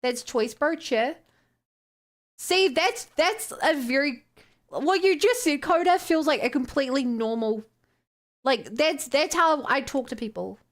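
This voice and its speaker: High-pitched, expressive, and unhurried, a young New Zealand woman hangs out with her stream viewers, reading their messages. She keeps it playful and incredulous, laughing and letting out disbelieving exclamations.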